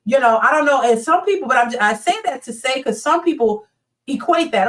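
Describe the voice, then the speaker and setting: A fairly high-voiced woman hosting a live stream, chatting bluntly and with plenty of animation. She sits a little back from the microphone, so her voice comes through somewhat distant. She reads viewer comments aloud and drops into quick imitations of other people. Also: expressive. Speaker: live-stream host reading viewer chat.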